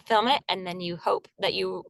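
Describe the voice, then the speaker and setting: A woman's voice: medium pitch, steady tone, moderate pace, vocal fry, no room sound. A young woman from Virginia, an actor, chatting casually as an interview guest, laughing often and acting out little quoted voices. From Virginia, USA.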